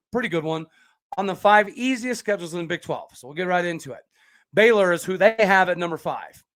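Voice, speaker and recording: A man hosting a casual sports podcast, talking fast and stumbling over repeated words. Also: high voice, a bit bright. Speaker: podcast host.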